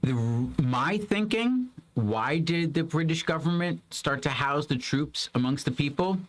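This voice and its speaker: A man teaches history to a child in a loose, conversational way. He rambles and restarts often, leaning on fillers. His voice swings widely in pitch and stays energetic. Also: a little slow. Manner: animated, rambling, many fillers. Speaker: homeschool parent teaching history. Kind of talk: casual history lesson with a child.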